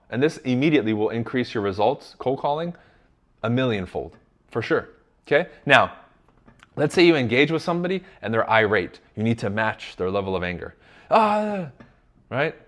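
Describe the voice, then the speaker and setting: A man coaching sales in a blunt, emphatic way. He talks straight at his listeners, calls them "you guys," and drops a casual curse now and then. His voice sits at an average pitch. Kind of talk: direct motivational instruction.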